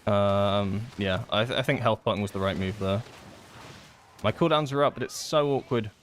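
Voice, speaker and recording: A man giving live gameplay commentary, thinking aloud and excitedly pleading with his teammates. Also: fairly low pitch, normal speed, slight background noise. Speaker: gaming content creator.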